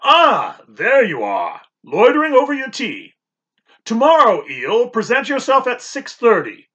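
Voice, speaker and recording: A man voicing a brisk, hearty male doctor in an audiobook, eager and hurried. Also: very high-pitched, wildly swooping pitch, sharp tone, lo-fi sound, pitched above the performer's own voice, full character voice. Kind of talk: audiobook character voice.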